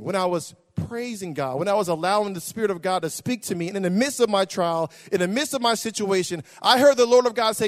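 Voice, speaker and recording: A man with a high voice preaches his testimony with fervent, repetitive intensity. He sinks to near-whispers, then climbs to shouts. His words ring out with the long echo of a large hall. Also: a little fast, few pauses. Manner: impassioned, repetitive, swings from hushed to shouting. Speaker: pastor. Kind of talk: sermon testimony.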